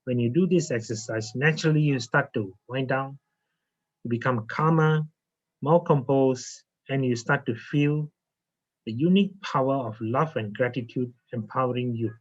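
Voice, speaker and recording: A man teaching as a naturopath, guiding a slow, calm relaxation lesson and repeating phrases with frequent okays. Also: medium pitch. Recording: muffled lo-fi audio.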